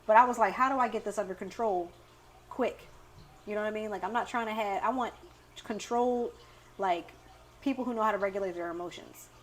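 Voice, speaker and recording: Brisk and medium-pitched, a woman co-hosting a podcast chats casually and tells animated stories, acting out the quotes.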